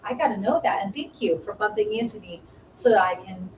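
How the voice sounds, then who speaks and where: A woman hosting a casual spiritual talk, telling stories with lively energy and acting out her own past reactions. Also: medium pitch, fairly quick. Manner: animated storytelling, acts out her own past voice. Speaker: ministry host. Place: room with small live audience. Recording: roomy, distant mic with faint noise.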